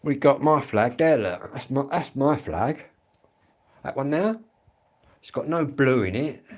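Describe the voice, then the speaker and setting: Middle-aged bloke on a livestream, rambly and blunt, swears a lot. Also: male voice, mid-range voice, expressive, unhurried. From England. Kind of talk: casual livestream chat.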